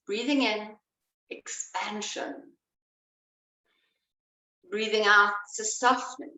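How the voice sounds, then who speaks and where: A woman breathwork instructor leading a guided breathing exercise, giving slow, calm instructions. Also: mid-range voice. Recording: roomy sound, voice away from the mic.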